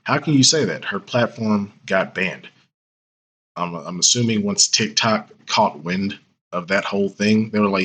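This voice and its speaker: A man's voice: lowish voice, measured pace, fairly bright tone, breathy edge, rough recording. A man reacting with exasperated, profane, mocking commentary.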